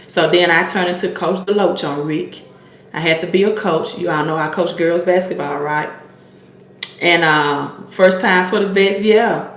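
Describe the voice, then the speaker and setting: A woman's voice: on the low side, measured pace, echoey room. Chatty Southern woman on a livestream. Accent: Mississippi Southern. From Mississippi. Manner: chatty, coaching, repeats herself, addresses viewers as y'all. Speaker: livestream host, credit coach. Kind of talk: casual livestream chat.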